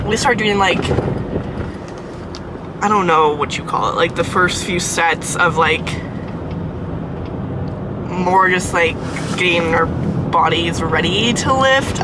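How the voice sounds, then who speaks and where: A woman's voice: on the low side, noisy background. A young woman chatting casually in a vlog, out of breath, rambling with lots of likes and restarts. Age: young adult. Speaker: vlogger.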